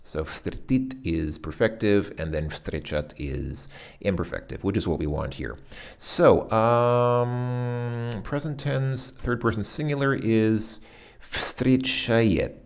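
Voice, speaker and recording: Low creaky man thinking aloud. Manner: hesitant, searching, self-correcting; sounds out foreign words haltingly. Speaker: language lesson host. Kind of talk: thinking aloud through a workbook exercise.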